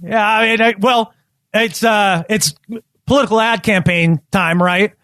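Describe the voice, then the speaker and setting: A man's voice: sits high, a little slow, bright, forceful tone, no room sound. A man co-hosting a podcast in casual chat, riffing sarcastically and slipping into mock voices. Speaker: podcast co-host.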